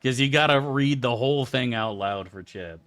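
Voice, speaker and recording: A man's voice: mid-range voice, moderate pace, a bit bright, dry recording, soft background music. A young man streaming a game, chatting casually with his viewers in a laid-back, joking and profane way. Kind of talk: casual live-stream chat.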